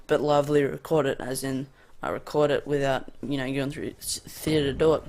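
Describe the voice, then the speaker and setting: This man has a medium-pitched, level, darkish voice and talks briskly. A gaming YouTuber with an Australian accent, he rambles through casual gameplay commentary, hesitating often with plenty of ums, recorded at home on a cheap USB condenser desk mic.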